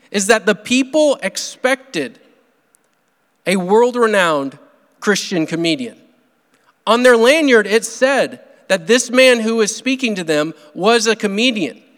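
A pastor preaching a sermon, earnest, with dramatic pauses. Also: male voice, high-pitched, fairly bright tone. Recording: long hall reverb.

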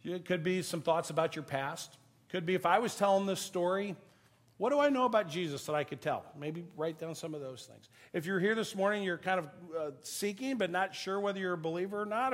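A middle-aged male pastor gives a sermon in a relaxed, storytelling manner and pokes fun at himself. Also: high voice. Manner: conversational storytelling, self-deprecating, laughs at himself. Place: church sanctuary.

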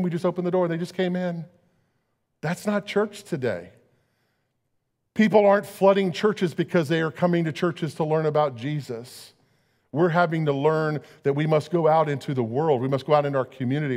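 A man's voice: a little high, a little mellow, long reverb tail. A man preaching a sermon as pastor, talking conversationally and asking his listeners rhetorical questions.

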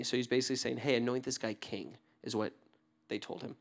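A young adult man, a pastor, telling a story in a sermon, laughing often and dropping to a hushed tone for tender moments. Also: medium pitch, fairly even intonation, a little fast, gravelly.

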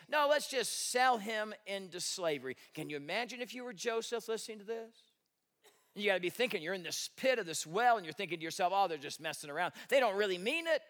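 A man's voice: sits high, a bit bright. A man preaching a sermon, retelling a story with rhetorical questions and folksy joking asides. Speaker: pastor.

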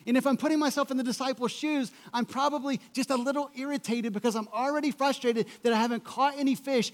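Male pastor, high voice, lively storytelling sermon, big hall echo. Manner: animated storytelling, acting out quotes, conversational asides. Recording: long hall reverb.

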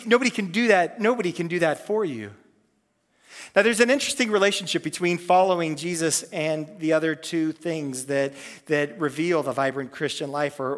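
A man pastor giving a conversational sermon, earnest, often restarting and repeating words mid-phrase. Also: a little high. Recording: long reverb of a hall.

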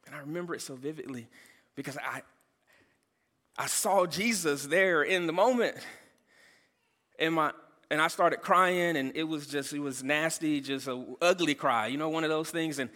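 Male pastor, earnest storytelling sermon, slightly high voice, long reverb. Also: a little fast, pushed and bright. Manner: earnest, personal storytelling with repeated restarts.

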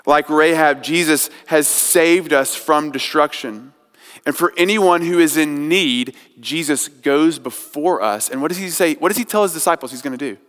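Male pastor preaching in a reverberant hall. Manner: storytelling, builds from soft and slow to loud and high. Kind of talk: sermon. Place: church sanctuary. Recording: long church hall reverb.

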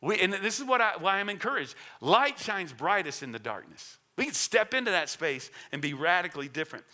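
A middle-aged man preaching to his church in an earnest, emphatic way, often circling back over a phrase. His voice is bright and forward, sitting a little higher than most men's. He stresses key words and stacks up lists. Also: very animated, a little fast. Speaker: pastor. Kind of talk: sermon.

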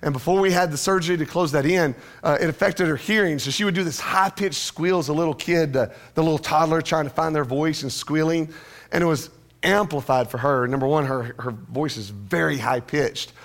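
A man's voice: a little high, a little fast. A male pastor preaching a sermon in a church, with a conversational manner and joking asides to the congregation.

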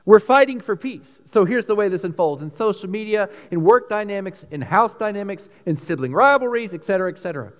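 Animated Texan preacher in a big hall. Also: male voice, high voice, fast, hardly any pauses. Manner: animated, emphatic preaching with sudden swings between loud and hushed. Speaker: pastor. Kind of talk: sermon.

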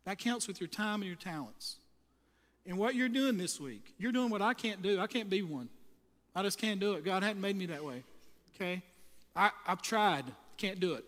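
High-voiced pastor in a reverberant church. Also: male voice, expressive, moderate pace, a bit bright. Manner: humorous storytelling, folksy and emphatic. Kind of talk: sermon to church volunteers. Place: church sanctuary. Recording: long hall reverb.

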